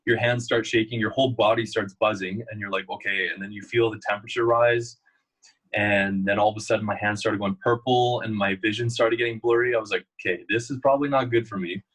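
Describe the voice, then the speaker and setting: A young man with a low, husky voice talks in a loose, rambling way. He tells long stories and fills them with "like" and "uh". It sounds like a relaxed, casual interview. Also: brisk, poor audio. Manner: storytelling, loose and rambling with many fillers. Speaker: guest.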